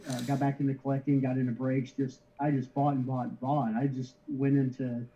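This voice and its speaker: A middle-aged man talks through his story in a relaxed, halting way, often doubling back on his words. His voice sits at an ordinary pitch. The audio is slightly dull and lo-fi, like a video call. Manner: halting, many restarts, easygoing chuckles. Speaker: interview guest, card shipper. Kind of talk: casual conversational storytelling.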